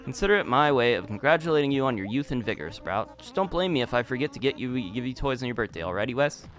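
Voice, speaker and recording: A man's voice: medium pitch, expressive, quick pace, fairly bright tone, faint music behind, close to an everyday voice. A man voicing Tortimer, an elderly male tortoise mayor who is kindly and forgetful, rambling like an old-timer. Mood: doddering.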